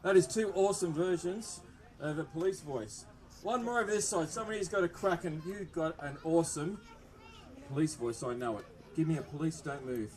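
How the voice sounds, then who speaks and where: Addressing a crowd outdoors through a microphone and loudspeakers, a man with an Australian accent presents a police demonstration at a public open day. His pitch is fairly high and his pace moderate, and he's jokey and upbeat, chatting with the children watching.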